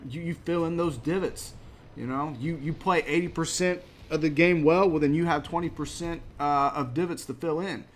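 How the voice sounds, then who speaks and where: Guy in his late 30s talking over gameplay, kinda high voice, pep-talky, faint hum behind. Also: moderate pace. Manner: chatty, motivational, laughs at himself. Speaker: gaming channel host. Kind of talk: casual gameplay commentary.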